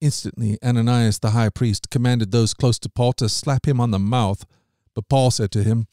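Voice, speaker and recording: A man of middle pitch reads scripture in an even, measured way, lifting his voice a little whenever someone is quoted. The sound is dry and close to the mic, with no room around it. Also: no room sound. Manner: measured, steady reading with lifts on quoted lines. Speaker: podcast host reading scripture. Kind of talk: scripted Bible reading.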